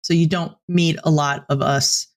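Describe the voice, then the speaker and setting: A woman in her thirties co-hosting a podcast, chatting in an animated, self-mocking, giggly way. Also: deep voice, moderate pace. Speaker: podcast co-host. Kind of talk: casual chat.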